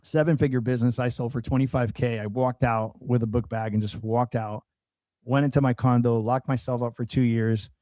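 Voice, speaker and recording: A man's voice: medium pitch, steady tone, brisk, mellow, no echo. A man, a podcast guest, earnestly telling a personal testimony in conversation, with many restarts and fillers.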